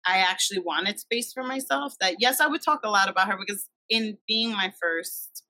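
Woman podcast host, thirties, reflective, crisp bright tone, dry sound. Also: mid-range voice, normal speed, no echo, low-quality recording. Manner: reflective, thoughtful. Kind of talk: casual conversation.

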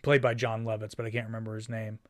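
A man's voice: lowish voice, little pitch movement, quick pace. A man co-hosting a podcast, rambling through a casual movie review and often quoting film lines. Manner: rambling, quotes movie lines in silly voices. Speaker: podcast co-host.

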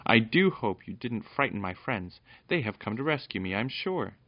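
A man reading a storybook aloud, putting on a sweet, soft voice for a little princess. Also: fairly high pitch, very animated, measured pace, lo-fi sound, voice pushed up. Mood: gentle. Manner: gentle, reproachful.

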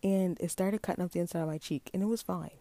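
Woman, late 20s, gravelly low-register fry, warm and dark tone, chatty rambling storytime, dry close sound. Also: fairly even intonation, fast, dry recording. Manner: chatty, rambling with many fillers. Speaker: vlogger. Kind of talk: casual storytime chat.

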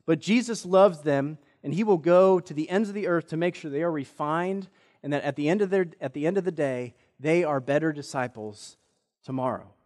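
A man's voice: on the high side, normal speed. A male pastor preaching a sermon, telling a personal story in an earnest way. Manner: earnest storytelling, quotes others in lively voices. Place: church sanctuary. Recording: long church reverb.

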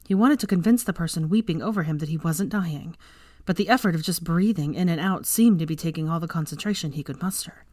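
A woman reading fan fiction aloud as an audiobook narrator, in a measured, even storytelling voice. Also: lowish voice, dry recording, clean studio sound.

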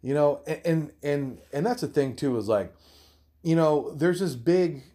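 A man's voice: unhurried, warm tone. Swearing man in a heated rant. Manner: heated, swearing, repeating himself, rising pitch when worked up. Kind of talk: profane ranting monologue.

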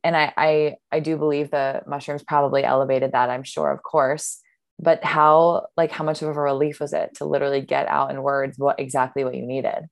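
Woman host, deep voice, gravelly fry, supportive listener, casual chat. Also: level tone, moderate pace, no room sound. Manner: supportive listener, frequent brief affirmations.

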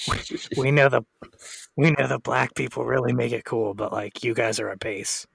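A man with a somewhat nasal, mid-pitched voice co-hosts a loose podcast chat, rambling, joking and laughing between his lines. The sound is dry and close, with no room around it. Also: level tone, moderate pace, creaky, fairly bright tone, breathy edge, dry recording. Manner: joking, rambling, laughs often, swears freely. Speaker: podcast co-host. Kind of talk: casual chat.

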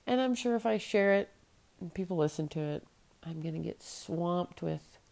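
A woman's voice: lowish voice, animated, moderate pace, vocal fry, warm tone. A woman in her late thirties hosting a solo podcast, talking bluntly and with profanity as she vents her frustration. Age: late 30s. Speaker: podcast host.

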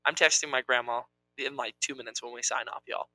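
A man chats casually as a podcast co-host, teasing his partner in a playful way. His voice is bright. The sound is dry and close, with no room echo. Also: medium pitch, steady tone, fairly quick. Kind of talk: casual chat.

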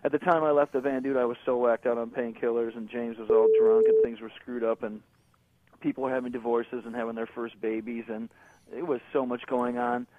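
A man's voice: medium pitch, a little fast, slight background noise. A middle-aged man, a guest musician, talking casually in an interview with a laid-back, slangy manner. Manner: laid-back, slangy, animated when joking. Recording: tinny phone line.

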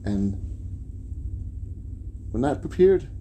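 A man's voice: mid-range voice, very animated, very slow, warm tone, a little hiss or hum. A man giving a sermon that moves from story into earnest, emphatic teaching, with Hebrew religious terms.

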